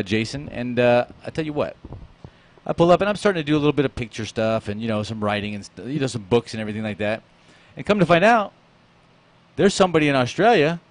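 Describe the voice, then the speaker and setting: A man hosting a casual radio talk show, joking and laughing easily in a studio. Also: mid-range voice.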